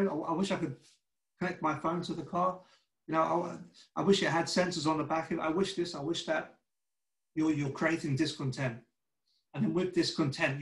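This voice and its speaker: A church teacher gives an informal, chatty sermon over a video call, acting out little dialogues and often stammering through restarts. His voice is fairly high, and the audio is poor with an echoey room.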